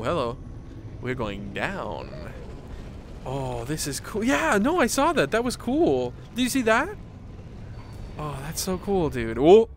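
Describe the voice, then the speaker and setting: A man giving casual, excitable commentary while playing a VR game at home, swearing casually and laughing often. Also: a little high, slight background noise. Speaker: gaming streamer. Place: home room, seated on the floor.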